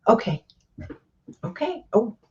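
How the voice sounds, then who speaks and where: A woman guest on a live video call gives short, slightly unsure replies while she checks her tablet screen. Her pitch moves a lot and sits fairly high. The sound is dull and muffled, like a weak video-call line. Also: sing-song, slow, breathy edge. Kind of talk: casual live-stream chat.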